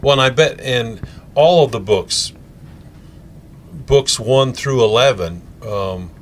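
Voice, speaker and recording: A man's voice: medium pitch, takes it slowly, a little hiss or hum. A man from Colorado hosting a local TV interview show, asking friendly, chatty, leading questions. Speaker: TV show host.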